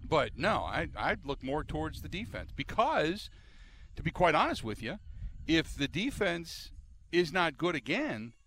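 A man's voice: on the high side, big pitch swings, unhurried, a bit bright, slight background noise. A man hosting a sports talk radio show, talking emphatically and with exasperation, often repeating himself.

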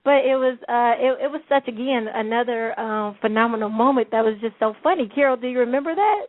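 Lively woman telling stories on a phone line. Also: on the high side, brisk. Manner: animated, laughing while telling stories. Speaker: guest, care program founder. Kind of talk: casual interview storytelling.

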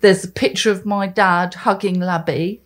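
A woman's voice: medium pitch, fairly even intonation, moderate pace. A woman co-hosting a casual chat podcast, blunt and opinionated, given to ranting. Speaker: podcast co-host, columnist.

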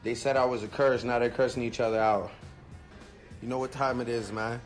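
A man's voice: medium pitch, steady tone, brisk, faint music behind. A man on a live video, boasting and teasing playfully.

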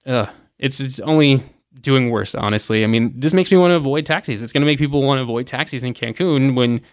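Brisk and mid-range, a man's voice comes through dry, clean studio audio on his travel news podcast. He covers the news in a relaxed, opinionated way, chatting with commentary and sprinkling in many "you know" fillers.

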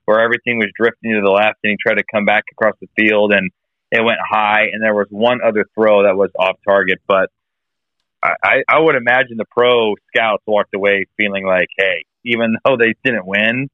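A man's voice: fairly low pitch, flat delivery, brisk, dry recording. A man calling in from a hotel room to a sports podcast, weighing in thoughtfully with some stammered restarts. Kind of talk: casual sports talk. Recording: tinny phone-like line.

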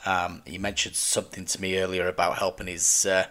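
A man's voice: sits low, little pitch movement, a little fast, hardly any pauses, a bit bright. A man hosting a casual podcast chat, jokey and rambling, often poking fun at himself. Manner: jokey, rambling, self-deprecating. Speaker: podcast host.

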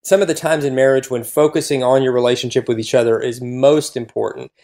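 A man, a marriage expert answering interview questions earnestly, rushing through some points. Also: medium pitch, steady tone, vocal fry, dark tone.

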